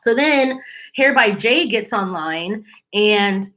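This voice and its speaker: Bright animated woman host. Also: mid-range voice, slow pace. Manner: chatty, animated, mimics people in quotes. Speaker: commentary channel host. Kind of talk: casual commentary.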